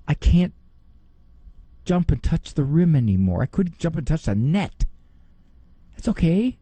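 A middle-aged man, a psychologist, giving a lively talk and often mimicking other people in a higher voice. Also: slightly rough, dry recording. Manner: animated, quick to mimic others in a high voice. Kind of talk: talk on parenting and faith.

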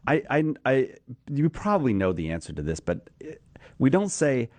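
Lively joking male radio host. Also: mid-range voice, normal speed, dry recording. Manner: joking, self-mocking, laughs often. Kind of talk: casual studio banter.

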